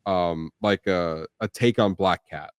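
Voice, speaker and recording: A man's voice: sits low, takes it slowly, clean tone, no echo. A young man co-hosting a film review podcast, chatting casually and rambling with plenty of fillers. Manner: rambling, lots of "like" and restarts. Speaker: podcast co-host.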